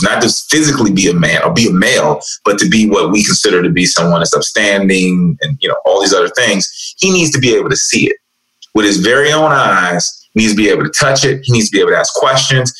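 A man as a guest, telling motivational stories in an animated way. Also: lowish voice, poor audio. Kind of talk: casual conversation.

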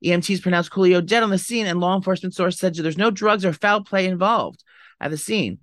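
A man talking fast in a dry, close-miked room. He co-hosts a casual podcast and gossips with dramatic flair. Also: high voice, a bit bright, no echo. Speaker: podcast co-host. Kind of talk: casual chat.

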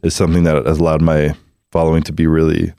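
A young Canadian man with a lisp joins a casual podcast as a guest, speaking candidly with lots of fillers and swearing. His voice is rumbling low and mellow, completely flat in delivery, fast, with vocal fry. He wears headphones on a studio mic, and the recording is dry and studio quality.

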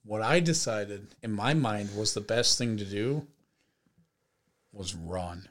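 A young man hosting a podcast, telling a story in casual chat with lots of swearing and loud acted-out quotes. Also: on the low side, takes it slowly, pauses often. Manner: animated, profane storytelling with shouted quoted voices. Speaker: podcast host.

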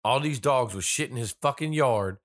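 A man's voice: mid-range voice, normal speed. A man co-hosting a casual chat, blunt and skeptical, swearing freely and riffing jokes. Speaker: podcast co-host.

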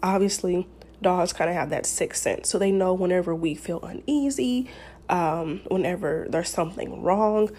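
Woman podcast host, relaxed mellow tone, chatty and rambling. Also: lowish voice, normal speed. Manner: chatty, rambling, many fillers and restarts. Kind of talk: casual advice talk.

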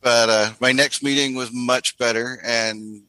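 A man's voice: medium pitch, measured pace, dry recording, low-quality recording. A man, a guest artist on a podcast, chatting casually and acting out quotes as he tells stories. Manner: animated storyteller, acts out quotes.

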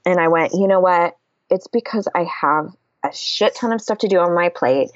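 A woman's voice: lowish voice, expressive, a little fast, no echo, muffled recording. A woman speaking candidly in a casual podcast conversation, explaining ideas and swearing freely.

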